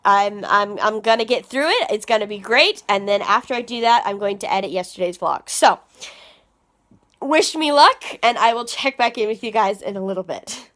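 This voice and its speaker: A woman's voice: medium pitch, brisk, few pauses, a bit bright. A young adult woman talking openly to her viewers in a confessional vlog, earnest and rambling with fillers and restarts. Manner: stressed and frustrated venting. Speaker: vlogger.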